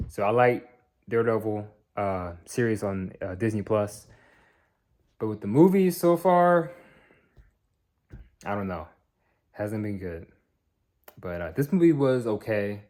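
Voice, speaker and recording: A man's voice: on the low side, expressive, a little slow, pauses often, darkish tone. Tired young male vlogger; rambling, repetitive movie review. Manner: rambling, repeats and restarts words.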